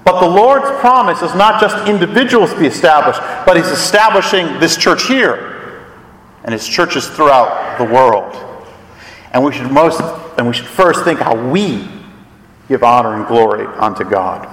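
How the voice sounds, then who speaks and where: A man with a high voice preaches a sermon, explaining scripture and posing rhetorical questions to his congregation. He sounds set back from the mic, and the words echo around a large church hall. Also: lively intonation, measured pace, a bit bright. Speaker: pastor. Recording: echoey hall, voice from a distance.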